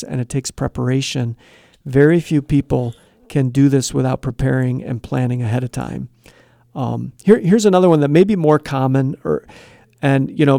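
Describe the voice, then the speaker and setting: Gravelly earnest middle-aged man teaching. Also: fairly high pitch, mellow, no room sound, clean studio sound. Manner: earnest, explains step by step, acts out quoted dialogue. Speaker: guest giving Christian advice. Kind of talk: conversational teaching.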